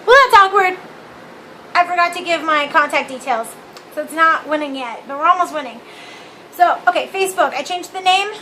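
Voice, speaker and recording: A woman's voice: very high-pitched, fairly quick, bright, forceful tone, slight background noise, low-quality recording. A young woman vlogging from her living room on a phone, ranting candidly with swearing and self-mockery. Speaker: vlog host. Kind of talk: casual opinion rant to camera.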